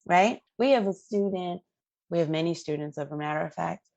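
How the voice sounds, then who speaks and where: A woman's voice: lowish voice, brisk, vocal fry, darkish tone, dry recording, lo-fi sound. A woman guest in an interview, telling a personal story in an earnest, emotional way. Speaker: guest parent advocate.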